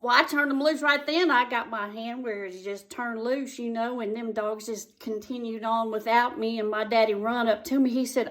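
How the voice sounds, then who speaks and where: A woman's voice: a little high, steady tone, moderate pace, few pauses. A woman telling a folksy comic story in a drawl, repeating words for effect.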